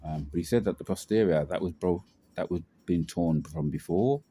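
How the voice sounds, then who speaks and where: Young man, deep and very dark, rambling slangy storyteller. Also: moderate pace, breathy edge. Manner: rambling, slangy, many fillers. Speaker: vlogger. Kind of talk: casual personal storytelling.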